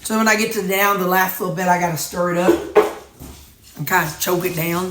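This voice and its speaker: A woman's voice: on the low side, fairly even intonation, fairly quick, fairly bright tone, roomy sound, soft background music. A woman with a Missouri accent, chatting casually and rambling folksy as she vlogs from her home kitchen. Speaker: vlogger. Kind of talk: casual chat.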